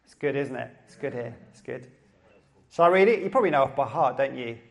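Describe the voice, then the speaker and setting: A middle-aged man with an Essex twang gives a relaxed, conversational sermon at a church service. He jokes with his listeners and doubles back on his own phrases. His pitch sits in an ordinary middle range for a man. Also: quick pace, gravelly. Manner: chatty, joking, repeats phrases. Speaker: pastor.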